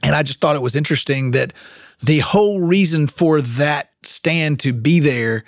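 Male podcast co-host, a bit higher voice, dry mic, wandering anecdotes. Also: moderate pace, no echo. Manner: rambling storyteller. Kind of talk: casual chat.

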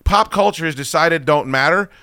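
A man co-hosting a radio show, talking in an excitable, profane and animated way in casual chat. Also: on the high side, moderate pace, clean tone, no room sound, studio quality. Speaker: radio co-host. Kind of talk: casual chat, movie review.

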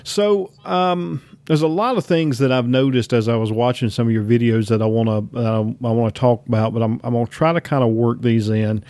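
A man with a Southern US drawl hosts a relaxed interview, talking in long, looping sentences full of restarts. His voice sits at an everyday pitch, and the recording is dry and close with no room sound. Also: a little fast, few pauses, dry recording. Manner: chatty, rambling with many restarts. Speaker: podcast host. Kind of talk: casual interview.

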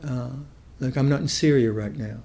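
Older man giving a mellow dharma talk. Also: medium pitch. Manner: thoughtful, halting, with many restarts. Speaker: Buddhist meditation teacher.

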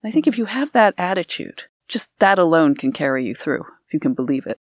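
Animated woman podcast co-host. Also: sits low, fast talker, dry recording. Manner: animated storyteller, laughs often. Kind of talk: casual chat.

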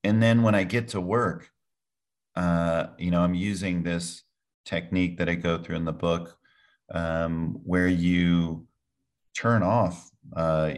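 A man answering as a podcast guest, energetically walking the listener through his daily routine step by step. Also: sits low. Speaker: product formulator.

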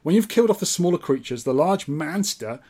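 A man's voice: on the high side, lively intonation, fairly quick, mellow, slightly rough. A man hosting a podcast, chatting casually and wryly, reading out specs with mock grandeur. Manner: playful, wry, reads out specs with mock grandeur. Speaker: podcast host. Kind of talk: casual podcast chat about retro games.

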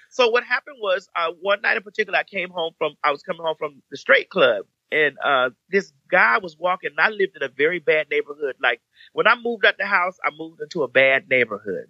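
A young woman telling a story in casual chat, animated and campy, jumping up to a high squeaky voice for the people she quotes. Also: a little fast, no echo, lo-fi sound. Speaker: podcast guest telling a story.

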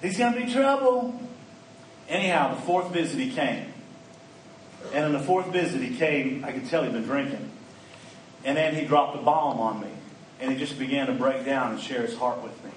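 A middle-aged man giving a folksy, animated talk at a conference, acting out bits of dialogue. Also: medium pitch, normal speed, a little hiss or hum. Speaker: conference speaker. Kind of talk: preaching talk. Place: conference hall. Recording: echoey room, mic at a distance.

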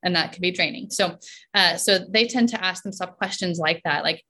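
A woman's voice: medium pitch, expressive, moderate pace, sharp tone. Chatty woman coach asking "right?". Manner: chatty, ends points with "right?", laughs often. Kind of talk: conversational podcast talk.

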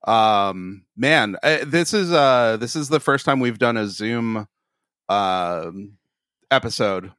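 A man's voice: fairly low pitch, lively intonation, takes it slowly, fairly bright tone, clear, resonant tone, dry recording, studio quality. A man co-hosting a podcast in casual chat, rambling and laughing often, a little tipsy. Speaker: podcast co-host. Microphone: studio mic.

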